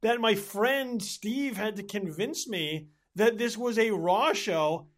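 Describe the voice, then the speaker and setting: A man with a notably high voice hosts a casual podcast chat. He rambles, restarts his sentences and laughs easily. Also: slow, a bit bright. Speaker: podcast host.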